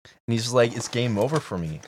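A man's voice: mid-range voice, expressive, a little fast, a little mellow, a little hiss or hum. A young man from Canada, co-hosting a podcast in casual chat, ranting profanely and with energy. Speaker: podcast co-host.

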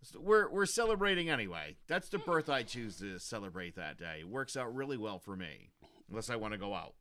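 A man's voice: fairly low pitch, fairly quick, slight background noise. A man in his thirties chatting casually and telling stories, with lots of restarts and repeated words. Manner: animated storytelling with frequent restarts. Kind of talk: casual chat.

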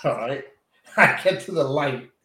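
Speaking unhurriedly at medium pitch, a man co-hosts a casual podcast chat and tells a story with lots of swearing. He's an animated storyteller who curses freely. The room is echoey, with slight background noise.

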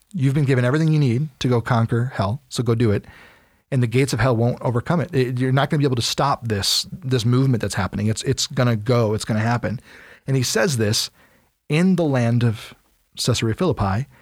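A man's voice: mid-range voice, no echo, studio quality. A man co-hosting a podcast, explaining Bible passages in casual chat and acting out the quotes as he goes. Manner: animated storytelling, acts out quotes. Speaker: podcast co-host.

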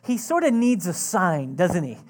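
A woman's voice: on the low side, sing-song, a little slow, a little mellow. A woman pastor giving a conversational, earnest sermon, often restarting her sentences.

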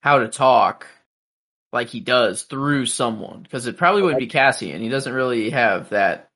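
A man's voice: medium pitch, animated, a little slow, a bit bright. A young man casually chatting on a podcast, thinking aloud with hesitant, speculative remarks. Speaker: podcast co-host. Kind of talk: casual chat.

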